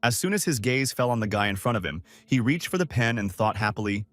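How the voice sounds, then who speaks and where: A man narrating a scripted story recap with animated intonation. His voice sits close and dry, with no room sound. Soft music plays faintly underneath. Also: lowish voice, quick pace, few pauses, no echo.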